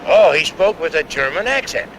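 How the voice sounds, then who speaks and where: An actor playing a police detective who stammers and presses witnesses in a 1960s TV crime drama. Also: male voice, fairly high pitch, expressive, normal speed, poor audio. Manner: stammering, repeated questions. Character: persistent, stammering male detective questioning witnesses. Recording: loud hiss, old TV soundtrack.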